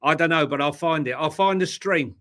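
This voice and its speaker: A man's voice: a little high, a little fast, fairly bright tone. A man co-hosting a casual football chat show, emphatic and teasing, full of banter. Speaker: co-host.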